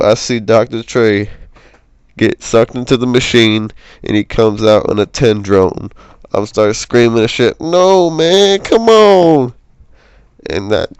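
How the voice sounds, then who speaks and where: A man's voice: mid-range voice, darkish tone, clean tone, dry recording, poor audio. A young man telling a made-up story in casual slang, rambling with lots of fillers and swearing, recorded on a cheap home microphone. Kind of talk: casual improvised comedic storytelling.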